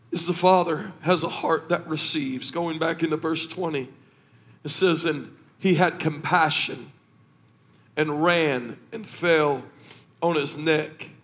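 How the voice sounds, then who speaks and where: Emotional preacher guy, high voice, goes from soft to shouting in a sermon. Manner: swings from quiet to shouting with emotion. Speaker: pastor.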